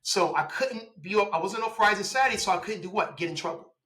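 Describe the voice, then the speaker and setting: A man in his forties, a police officer telling his story in a casual interview, lively, laughing and acting out quoted dialogue. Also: sits high, fast talker, low-quality recording.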